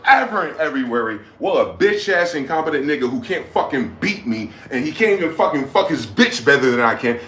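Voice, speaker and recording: A man in his forties hosting a livestream, ranting with heated outbursts that drop to low mutters. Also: sing-song, brisk, few pauses, fairly bright tone. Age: 40s. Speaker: livestream host. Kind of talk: profane rant. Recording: echoey room with faint background noise.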